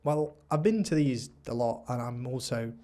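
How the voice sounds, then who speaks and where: A man's voice: medium pitch, moderate pace, warm tone. A man, telling crude stories in casual podcast banter and slipping into put-on voices. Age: 20s. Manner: rambling storytelling with put-on voices. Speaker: podcast co-host.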